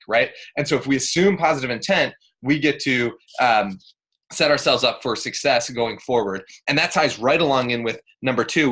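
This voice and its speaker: Bright-voiced young man leading a camp training. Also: medium pitch. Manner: chatty, joking, many fillers. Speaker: camp director. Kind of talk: casual training talk.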